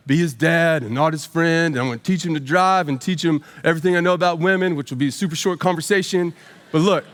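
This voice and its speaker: A pastor in his forties tells stories in his sermon, with self-deprecating humor and animated voices for quotes. His voice sits on the high side, and the sound has a big-room quality.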